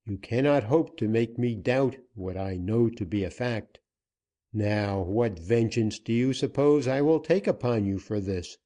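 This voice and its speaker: A grim western gunman laying down his terms, voiced by a male audiobook reader. He speaks coldly and deliberately, slow-paced, with a dark, mellow tone and only slight lift above the reader's plain voice. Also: fairly low pitch, natural voice. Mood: commanding. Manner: commanding, cold, deliberate. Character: grim, steely male gunman seeking vengeance.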